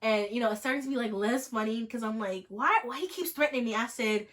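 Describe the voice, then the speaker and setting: A young woman vlogger tells a storytime tale in a chatty, animated, sarcastic way, often jumping into mocking imitations of the people she quotes. Her voice sits on the high side, and she talks a little fast with few pauses.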